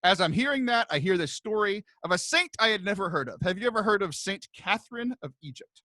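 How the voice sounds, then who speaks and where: A young man tells a long, rambling story in a casual podcast chat, stumbling over restarts and breaking into laughter. His voice is bright and forceful and a little high for a man. The sound is close and dry, with no room echo. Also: animated, quick pace. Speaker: podcast co-host.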